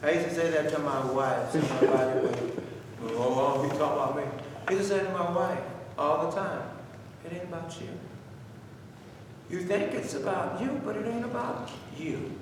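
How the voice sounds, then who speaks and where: High-voiced man teaching in an echoey church. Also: lively intonation, moderate pace, distant mic, background noise. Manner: conversational, repetitive, exhorting. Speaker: Bible study teacher. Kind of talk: Bible study teaching. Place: church room. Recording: echoey church room heard from afar.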